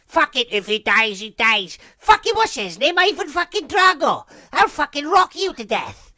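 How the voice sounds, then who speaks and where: Woman as a hothead gamer who swears and picks fights; high and bright, on a throat mic. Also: sing-song, moderate pace, no room sound, heavily acted. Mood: furious. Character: hot-tempered foul-mouthed gamer character, adult. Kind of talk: game voice chat banter.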